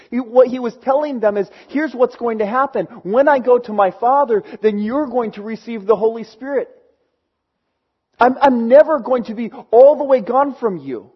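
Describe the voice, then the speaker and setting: Man preaching, high husky voice, earnest, muffled lo-fi sound. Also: normal speed. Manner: earnest, with restarts when moved. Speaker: pastor. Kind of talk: sermon. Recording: dull lo-fi recording.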